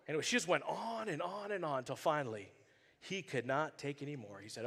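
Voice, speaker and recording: A man's voice: on the high side, a little fast, long reverb tail. A male pastor preaching a sermon, telling stories with animation and acting out the characters' voices. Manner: animated storytelling, acts out voices.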